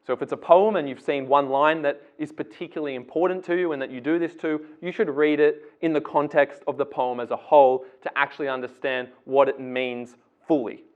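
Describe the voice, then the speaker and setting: A man's voice: on the high side, fairly even intonation, brisk, few pauses. A man teaching English essay writing, explaining casually step by step. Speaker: English tutor. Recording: tinny phone-like sound.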